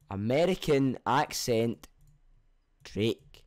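A man's voice: lowish voice, normal speed, darkish tone. A young man with a Scottish accent, reading out his own channel's comments and reacting with cheeky, sweary banter. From Scotland. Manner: cheeky, swears freely, laughs at himself. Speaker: YouTuber.

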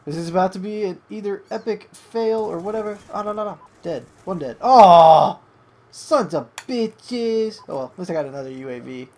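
A young adult gamer giving excitable live commentary over a match, swearing at opponents and coaxing a pet between plays. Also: mid-range voice, quick pace, hardly any pauses.

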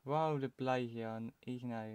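A young British man gives slow, unhurried commentary on a game he is playing. His voice sits at an ordinary pitch and is recorded dry and close. He rambles to himself and often trails off mid-sentence. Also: steady tone, darkish tone, smooth, no room sound. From United Kingdom. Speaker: let's play commentator.

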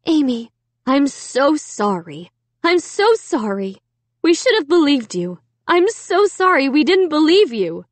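A woman's voice: high voice, very animated, a little slow, no room sound, voice pushed up. A remorseful mother in a storybook reading, her voice lifting and shaking as she pleads. A woman reads her, dry and close to the mic. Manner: emotional, pleading apologies.

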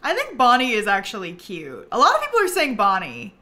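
A woman hosting a gameplay livestream, chatting to viewers, giggly and easily excited, thanking them for subscriptions. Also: fairly high pitch, fairly quick. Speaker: livestream host.

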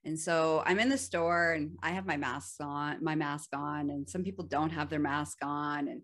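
A woman's voice: deep voice, fairly even intonation, moderate pace, a bit bright. A woman hosting a podcast, telling an everyday story in a casual, chatty way with frequent laughter and fillers. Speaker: podcast host. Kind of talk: casual solo podcast talk.

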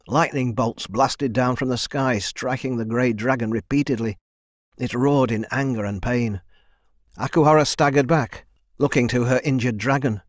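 A man reading a fantasy novel aloud in a steady storytelling voice that lifts for the action beats. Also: mid-range voice, no room sound, studio quality. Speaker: audiobook narrator. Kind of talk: scripted fantasy narration.

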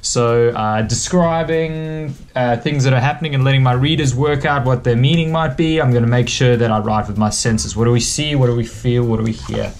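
A man from Western Australia, an author giving a relaxed, chatty writing lesson for kids. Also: mid-range voice, fairly quick. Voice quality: relaxed, chatty explaining with fillers. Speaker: author-illustrator teaching kids. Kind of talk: picture book writing lesson.

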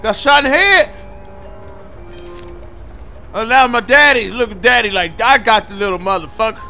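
A man giving comedic gameplay commentary, brash and profane, jeering at the characters on screen. His voice is high and bright. Faint game music runs underneath. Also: moderate pace. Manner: loud, profane, joking, talks back to characters. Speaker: gamer.

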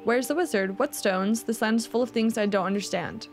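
An earnest, curious little girl from a video game, read aloud by a woman. She asks polite questions in a fairly high voice. The read stays plain and close to the reader's own voice. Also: brisk, soft background music, lightly acted. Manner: reading dialogue aloud plainly.

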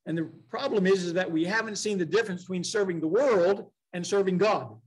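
A man teaching a casual church Bible study, reading scripture slowly and asking his class questions in a conversational way. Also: high-pitched, darkish tone, breathy edge, rough recording.

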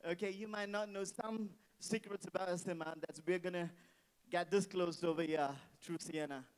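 A man with a high, steady, clean-toned voice at normal speed serves as MC at an indoor wedding reception. Over a handheld microphone he hypes the audience, repeats his phrases and asks for noise, though the audio is poor.

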